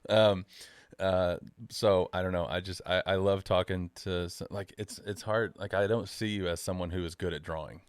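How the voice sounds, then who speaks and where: A man's voice: deep voice, steady tone, normal speed, smooth, no room sound. Chatty, rambling podcast host, a man. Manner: chatty, rambling, self-deprecating. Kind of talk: casual interview.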